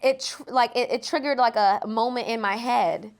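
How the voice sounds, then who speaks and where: A woman's voice: a little high, normal speed. A young woman chatting casually as a podcast guest, telling stories with many fillers and laughs. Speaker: guest, content creator.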